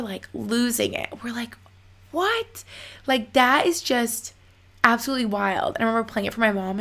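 A young woman hosting a podcast, talking in an excitable, rambling way full of "like.". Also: on the high side, vocal fry. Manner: excitable, rambling, lots of likes. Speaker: podcast host. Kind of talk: casual chat.

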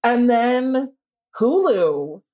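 A woman telling a story in a casual interview, talking chattily with lots of "like" and animated quoted asides. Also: on the high side, drawn-out words. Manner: chatty, heavy use of "like", animated quoting. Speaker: guest writer.

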